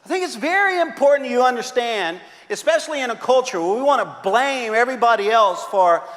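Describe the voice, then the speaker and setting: A middle-aged man preaching a sermon as pastor, telling animated stories with frequent uh fillers and repeats. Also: extremely high pitch, a little fast. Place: church sanctuary. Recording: long reverb of a large church hall.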